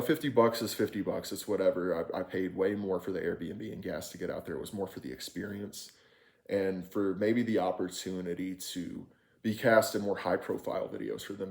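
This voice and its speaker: Low-pitched and darkish in tone, this man tells a frustrated, candid story as a vlogger recounting an experience. His delivery is casual and rambling, full of fillers, free swearing and frequent restarts.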